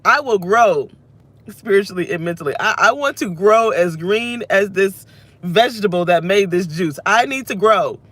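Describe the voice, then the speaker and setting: A woman's voice: medium pitch, expressive, moderate pace, a bit bright, dry recording. Ranting woman in her thirties, in car. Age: 30s. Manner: venting, self-reflective, rambling. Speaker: vlogger. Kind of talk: emotional personal rant to camera.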